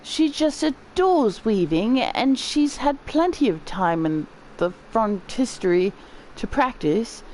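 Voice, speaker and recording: Woman playing a bright, upbeat caretaker. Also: on the high side, animated, takes it slowly, slight background noise, voice pushed up, poor audio. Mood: encouraging.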